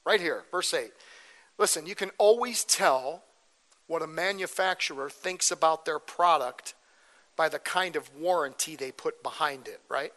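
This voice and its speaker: A man's voice: on the high side, unhurried, a bit bright, in a large hall. A man preaching a verse-by-verse sermon as pastor, conversational, often checking in with "okay?" and "right?". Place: church sanctuary.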